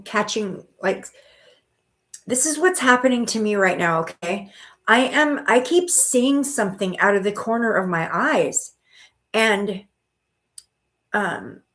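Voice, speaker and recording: A middle-aged woman hosting a live stream of spiritual readings, chatting casually and reassuring viewers with pet names like honey and sweetheart. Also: a little high. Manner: chatty with frequent restarts and fillers.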